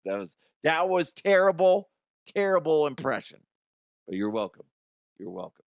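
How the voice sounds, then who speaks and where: Profane ranting man, lively pitch. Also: moderate pace, clear, resonant tone, dry recording. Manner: blunt, cursing, ranting, animated. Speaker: sports comedy podcast host. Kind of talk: profane sports rant.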